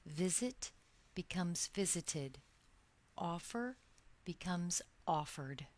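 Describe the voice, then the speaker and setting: A woman teaching English grammar in a recorded lesson, speaking slowly and deliberately and drawing out each example word. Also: lowish voice, animated.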